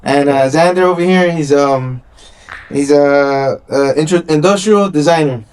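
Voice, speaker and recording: A man's voice: fairly high pitch, measured pace, a little mellow, clear, resonant tone. Laid-back man hosting a podcast. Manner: laid-back, says "bro" a lot. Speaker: podcast host. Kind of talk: casual chat. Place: in a car garage.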